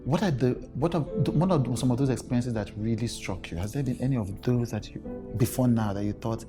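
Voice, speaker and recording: A man hosting an interview, asking questions in a measured way and affirming his guest. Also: medium pitch, over music. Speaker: interview host.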